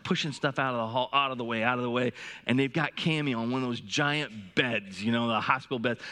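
A man's voice: mid-range voice, sharp tone. Conversational man in his forties preaching. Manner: conversational storytelling with frequent restarts. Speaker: pastor. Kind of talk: sermon.

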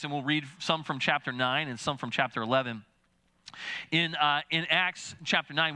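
A man preaching a sermon, animated and halting, with many repeated words and quoted voices acted out. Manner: animated, acts out quoted voices with big pitch jumps. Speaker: pastor.

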